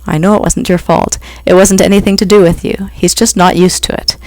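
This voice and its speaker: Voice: medium pitch, brisk, dry recording, close to an everyday voice. A reader voicing a flustered young woman who scolds and soothes her unruly cats. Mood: soothing. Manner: lively, scolding, a bit frazzled. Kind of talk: audiobook reading.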